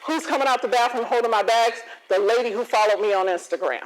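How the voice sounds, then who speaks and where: A woman motivational speaker telling a personal story in a keynote talk, animated and often acting out the dialogue. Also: fairly high pitch, fast talker, a little hiss or hum, poor audio. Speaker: motivational speaker and confidence coach.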